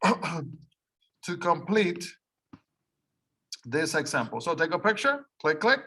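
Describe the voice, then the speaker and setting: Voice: mid-range voice, sing-song, takes it slowly, pushed and bright, slightly rough. An English teacher whose first language is Spanish, leading an ESL lesson and patiently repeating instructions and explaining step by step. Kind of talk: ESL lesson, reading aloud for repetition.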